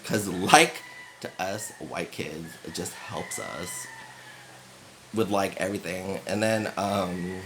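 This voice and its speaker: A young man with an American accent tells a loose, rambling story, leaning on filler words and chuckles. His voice sits low and he takes his time. A faint hiss of background noise runs under the recording. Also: takes it slowly, fairly bright tone, low-quality recording. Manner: rambling, full of "like" fillers and laughs. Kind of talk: casual comic storytelling.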